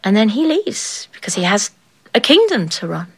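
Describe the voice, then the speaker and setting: A woman's voice: medium pitch, sing-song, moderate pace, a bit bright, breathy edge, low-quality recording. A woman telling a folk tale aloud in a playful way, acting out the characters and laughing along. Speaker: storyteller. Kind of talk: oral storytelling.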